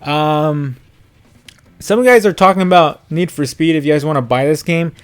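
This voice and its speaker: A man's voice: a little high, moderate pace, clear, resonant tone, soft background music. A young man telling a story in a casual, rambling way while he streams a driving game, full of fillers and quoted dialogue. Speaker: gaming streamer.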